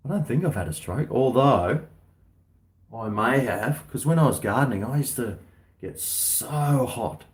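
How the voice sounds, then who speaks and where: A man's voice: mid-range voice, lively intonation, unhurried. A middle-aged Australian man chatting casually and rambling on a livestream, reading out viewer comments. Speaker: livestream host.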